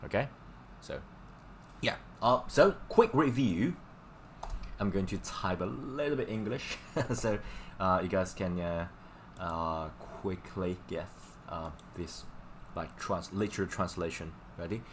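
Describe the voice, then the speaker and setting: A man's voice: sits low, lively intonation, takes it slowly, slight background noise. A man teaching Chinese in a live-stream lesson, explaining casually in English with many fillers and repeating words for practice.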